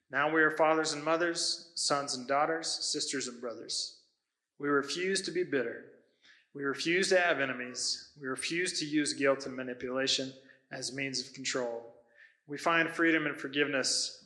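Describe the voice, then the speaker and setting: Pastor, male, preaching. Bright, forward tone; conversational, stops and restarts mid-sentence. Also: medium pitch, rough recording. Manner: conversational storytelling with self-corrections. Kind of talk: sermon.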